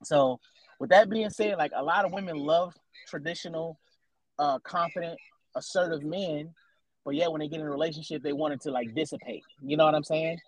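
A man's voice: fairly high pitch, a little fast, no echo, low-quality recording. A man in his thirties on a casual adult chat podcast, teasing a co-host with questions and then explaining his opinions at length. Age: 30s.

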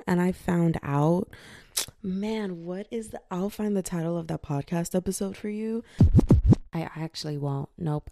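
Gravelly low-voiced young woman chatting. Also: warm tone, no echo, clean studio sound. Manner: loose, profane, acts out voices in quotes. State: fatigued. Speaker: podcast host. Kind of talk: casual chatty podcast monologue. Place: lying in bed indoors.

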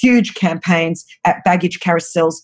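A woman's voice: fairly low pitch, unhurried. A woman in her fifties telling her story in an interview, earnest and urgent, repeating phrases for emphasis. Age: 50s. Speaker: anti-trafficking ministry leader.

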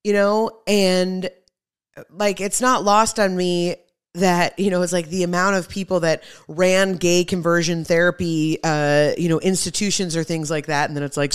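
A woman's voice: lowish voice, normal speed, clear, resonant tone. A young woman hosting her own podcast in a casual, emphatic monologue, speaking to her listeners as friends. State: pregnant. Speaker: podcast host.

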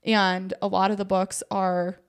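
A woman's voice: medium pitch, flat delivery, measured pace, smooth. A woman co-hosting a podcast, chatting casually about a book with lots of filler words. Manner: chatty, many "like" fillers, gushing. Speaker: podcast co-host. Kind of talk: casual book discussion chat.

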